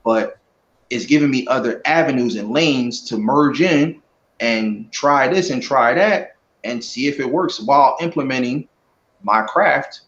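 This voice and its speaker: A man talking as a guest in a casual live-stream interview, relaxed and earnest, rambling a little. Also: mid-range voice, unhurried. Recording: dull lo-fi audio.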